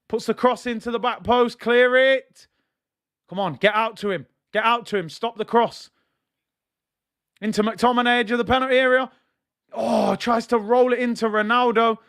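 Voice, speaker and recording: A young man giving excitable, slang-heavy live commentary as he watches a football match, now and then bursting into shouts. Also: extremely high pitch, moderate pace. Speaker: football fan streamer.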